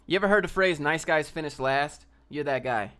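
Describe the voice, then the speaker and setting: A man's voice: a little high, a little fast, bright, forceful tone, clean tone. A young man hosting a casual livestream, ranting in a brash, slangy way and reading out viewer comments. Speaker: livestream host.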